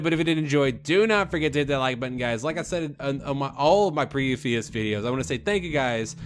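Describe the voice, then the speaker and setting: A man's voice: fairly high pitch, fast, few pauses. A young man hosting a let's play, talking in a rambling, earnest way with lots of restarts. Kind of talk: casual gameplay commentary. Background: background music.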